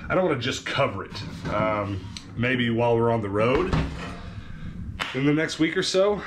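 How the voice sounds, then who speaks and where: A man vlogging about his thrift store finds in an animated, chatty, jokey way. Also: lowish voice, background noise. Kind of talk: casual chat.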